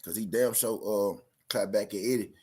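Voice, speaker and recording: A man's voice: fairly low pitch, fairly even intonation, fairly quick, darkish tone. A man with a Southern US accent hosting a live boxing talk stream, in loose, profane, repetitive casual chat aimed at his viewers. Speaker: boxing talk show host.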